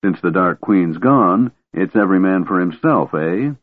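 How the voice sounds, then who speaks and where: A big, gruff male warrior barking commands, voiced by a man reading the audiobook. His voice sits very low and blunt. The audio is narrow and phone-like. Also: expressive, a little slow. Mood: scheming. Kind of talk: audiobook character voice.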